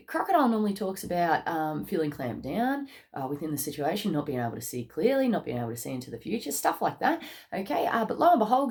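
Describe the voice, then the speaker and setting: Bubbly Australian woman reading cards. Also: mid-range voice. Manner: bubbly, laughs often, Aussie slang. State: has a cough. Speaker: tarot card reader. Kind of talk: casual spiritual reading.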